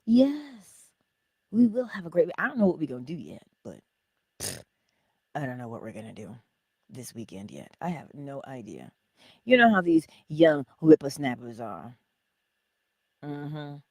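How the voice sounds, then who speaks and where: A woman leads an inspirational livestream in an unhurried, husky voice. Her pitch swoops around freely and her tone is dark and mellow. She is chatty and playful, and often drops to a whisper. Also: sing-song, no room sound. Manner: chatty, greets viewers by name. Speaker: livestream host.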